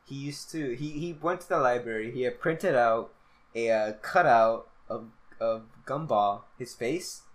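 A young man co-hosting a podcast, telling high school stories in a rambling way with many fillers. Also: a little slow. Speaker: podcast co-host. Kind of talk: casual chat.

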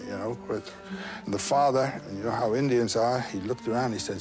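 A man retelling a folk tale in an interview, animated and digressive, with a scholarly turn. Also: medium pitch, quick pace, over music. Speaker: guest storyteller.

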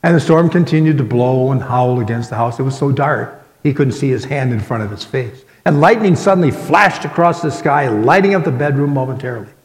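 A man preaching a sermon as pastor, earnest, with dramatic pauses. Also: medium pitch, animated. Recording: echoey hall with long reverb.

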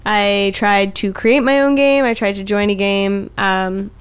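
A woman co-hosting a casual podcast, ranting with exasperation and plenty of swearing. Her voice is smooth and clear, pitched in the middle range. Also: fairly even intonation, measured pace. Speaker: podcast co-host. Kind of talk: casual chat.

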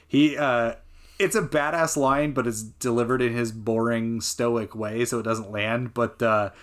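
A man co-hosting a podcast, chatting loosely about a film. He rambles, restarts his sentences and fills the gaps with "um" and "like." His pitch sits in the middle of the range for men. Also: steady tone, unhurried. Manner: rambling, many fillers and restarts. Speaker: podcast co-host. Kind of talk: casual film discussion.

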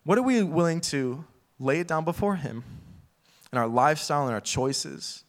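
A man's voice: a little high, animated, moderate pace. A young man preaching a casual sermon full of fillers, acting out little quoted voices as he talks.

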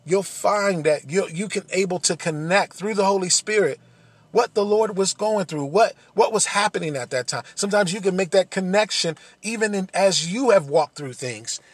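A man's voice: sits high, moderate pace, breathy edge. A man preaching a sermon, earnest, repeating phrases and building to emphatic peaks.

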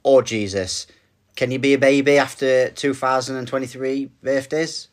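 A man's voice: mid-range voice, fairly even intonation, moderate pace. A middle-aged man from the UK hosting a casual podcast with his son, easygoing and full of jokey banter. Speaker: podcast host. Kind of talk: casual chat.

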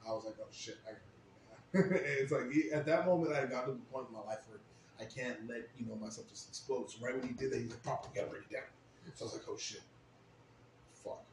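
A young man telling a long, profane story in a casual podcast chat, getting loud when he quotes himself. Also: medium pitch, fast talker. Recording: roomy echo, faint ambient noise.

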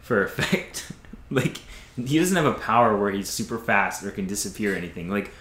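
A man's voice: lowish voice, animated, brisk, a bit bright. A man co-hosting a podcast, chatting casually about films and thinking aloud with lots of fillers. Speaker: podcast co-host. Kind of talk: casual film discussion. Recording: echoey room, faint noise.

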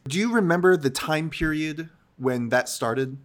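A man co-hosting a podcast in casual chat, trading jokes and deadpan interjections. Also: a little high, measured pace. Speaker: podcast co-host.

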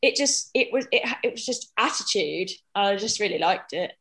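A woman's voice: mid-range voice, expressive, moderate pace, fairly bright tone. A woman chatting as a podcast guest, enthusiastic and searching for her words. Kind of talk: casual podcast chat.

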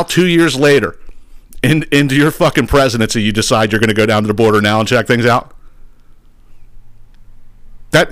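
A man's voice: mid-range voice, fairly bright tone, no echo, clean studio sound. A man hosting a podcast, ranting angrily and sarcastically about politics and swearing often. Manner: angry, sarcastic, swears a lot. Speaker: podcast host. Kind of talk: profane political rant.

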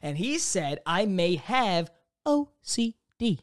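A man's voice: high-pitched, very animated, slow pace. A young man on a podcast telling a rambling, profane anecdote, acting out both sides of the conversation. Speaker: podcast co-host. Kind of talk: casual chat, storytelling.

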